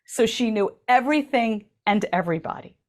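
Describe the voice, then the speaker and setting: A woman's voice: fairly high pitch, expressive, brisk. A woman co-hosting a radio talk show, telling a story in an enthusiastic, chatty way full of ums. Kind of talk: casual chat. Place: radio studio.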